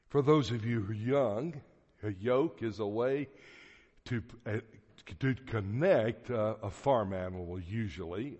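A man preaching a sermon in a church hall, teaching slowly and deliberately with emphatic phrases. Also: on the low side, a little mellow. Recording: dull audio with long hall reverb.

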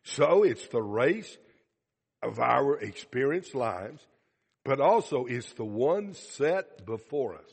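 In a slow, gravelly, husky mid-range voice, a man preaches with animation, acting out dialogue and questioning the congregation. Long hall reverb colors the recording.

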